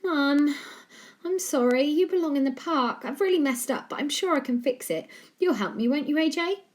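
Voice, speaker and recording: A woman's voice: high-pitched, lively intonation, moderate pace, pitched above the performer's own voice. A woman voicing Joe, a young boy prime minister, speaking eagerly and earnestly.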